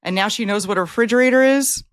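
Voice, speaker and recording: A woman's voice: on the high side, quick pace, no echo, clean studio sound. A woman co-hosting a podcast, chatting casually with wry, joking asides. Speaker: podcast co-host. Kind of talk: casual chat.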